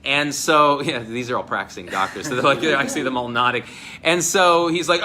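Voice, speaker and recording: A man in his forties from New Jersey, hosting an energetic live chat at a hotel event and telling stories with acted-out quotes. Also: medium pitch, quick pace, a little hiss or hum. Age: 40s. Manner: animated, storytelling, acts out quotes. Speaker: host. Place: hotel event space with crowd.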